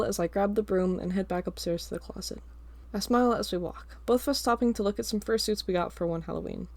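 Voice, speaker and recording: A woman narrating an audiobook in a steady storytelling read. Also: medium pitch, fast talker, no echo.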